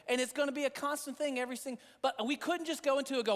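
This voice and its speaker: A man's voice: extremely high pitch, fairly even intonation, rapid-fire, hardly any pauses, fairly bright tone, big-room sound. A man preaching a sermon as a pastor, earnest and repetitive in a conversational way. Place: church sanctuary.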